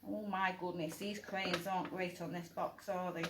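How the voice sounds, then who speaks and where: A woman's voice: lowish voice, little pitch movement, moderate pace, noisy background. A woman hosts a live kids' cooking and craft session. She talks in a chatty, encouraging way, calls out the children by name and pokes fun at her own drawing. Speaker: children's cooking class host. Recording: echoey room on a live stream.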